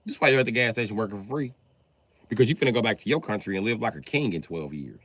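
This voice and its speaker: A man's voice: animated, very fast, fairly bright tone, slightly rough, no room sound. A man doing a profane, mocking stand-up rant on a live stream. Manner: profane, mocking, jumps in pitch. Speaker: comedian streamer.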